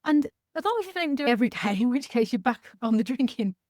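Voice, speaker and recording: A woman in her sixties with a fairly high voice, speaking over a video call in a chatty, frank and animated way. The sound is dry and close, with no room around her. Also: quick pace, no room sound. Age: 60s. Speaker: sobriety coach speaker. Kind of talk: casual talk on a video call.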